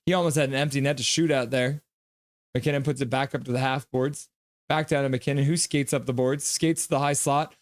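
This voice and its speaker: A man's voice: mid-range voice, no echo. A man hosting a live hockey reaction stream, reading viewers' chat messages aloud, joking and slipping into play-by-play calls. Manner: chatty, jokes and breaks into play-by-play.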